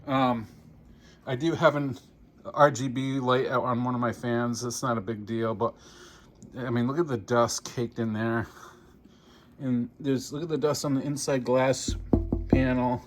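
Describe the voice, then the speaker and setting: A man's voice: mid-range voice, steady tone, a little slow, pauses often, slight background noise. A middle-aged man talking casually to his viewers in a rambling home vlog, filmed with a handheld camera. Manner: chatty, rambling, addresses viewers as "you guys". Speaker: gaming YouTuber. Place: indoors at home, then outdoors in wind. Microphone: handheld camera mic.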